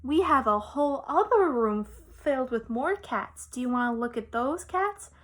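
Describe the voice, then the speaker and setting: A woman's voice: sits high, animated, moderate pace, fairly bright tone. A woman doing a kindly shelter worker. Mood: gentle.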